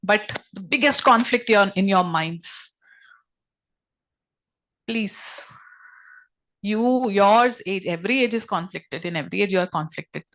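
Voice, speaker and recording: A woman with an Indian English accent leading a group workshop, gently reassuring and repeating her encouragement. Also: medium pitch, measured pace, pauses often, low-quality recording. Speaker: workshop facilitator.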